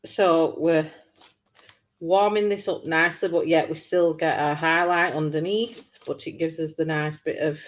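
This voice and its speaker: A woman's voice: sits low, fairly even intonation, a little slow, dull audio. A woman hosting a colouring livestream, chatting casually and laughing a lot as she works.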